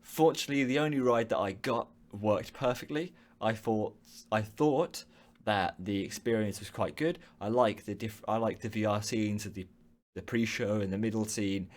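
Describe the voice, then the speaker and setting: Young male host from the UK, fairly low voice, chatty and rambling, answering viewers live. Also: moderate pace. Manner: rambling, frequent ums and restarts. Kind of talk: casual live-stream chat.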